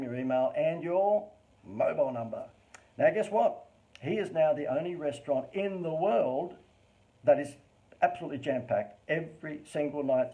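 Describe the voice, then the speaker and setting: Animated Australian man, mellow voice. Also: mid-range voice, poor audio. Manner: animated, over-the-top inflection; chatty, informal asides. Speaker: marketing presenter on a live stream. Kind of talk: live-streamed business talk.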